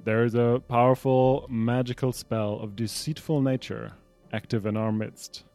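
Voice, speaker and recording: A man's voice: mid-range voice, steady tone, measured pace, dark tone, faint music behind, lightly acted. A man voicing a solemn male giant who mediates a council in a tabletop game, speaking formally and with command. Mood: stern.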